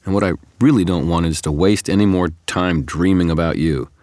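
A man voicing a tired, sardonic male wizard, gruff and defensive, in an audiobook. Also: sits low, fairly quick, a little mellow, dry recording, studio quality, close to an everyday voice. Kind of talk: audiobook character reading.

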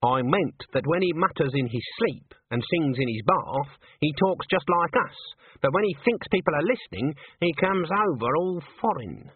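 A man's voice: fairly high pitch, lively intonation, normal speed, hardly any pauses, husky, no room sound, pitched above the performer's own voice. A man voicing a stern old witch. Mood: commanding. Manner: sharp and commanding. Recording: dry, tinny phone-like sound.

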